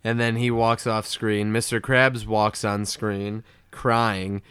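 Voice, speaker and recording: Guy chatting on a podcast, smooth clear voice, dry mic, tells stories lively. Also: lowish voice, slow pace, dry recording. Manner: animated storyteller, acts out lines, laughs. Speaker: podcast co-host recapping a cartoon. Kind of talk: casual chat.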